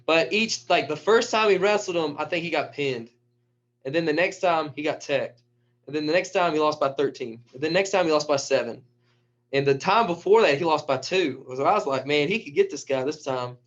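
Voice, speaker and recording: Male wrestling coach, casual storyteller, fairly high voice, muffled lo-fi sound. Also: brisk. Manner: animated storyteller who acts out quotes. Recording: dull lo-fi recording.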